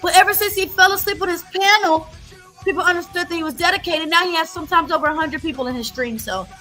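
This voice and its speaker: High, bright-voiced woman ranting on stream. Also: quick pace, soft background music. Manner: profane, blunt, repetitive. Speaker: livestream host. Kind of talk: heated livestream rant.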